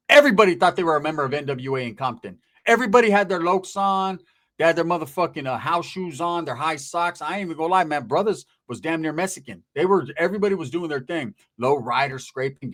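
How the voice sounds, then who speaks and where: Streetwise male storyteller from Northern California; profane, casual, fairly high-pitched. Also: a bit bright.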